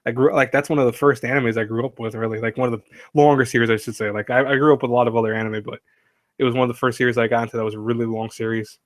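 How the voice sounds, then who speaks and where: A man's voice: mid-range voice, fairly even intonation, racing, no room sound, studio quality. A man hosting a casual live stream, rambling and chatty, laughing often and reading chat aloud.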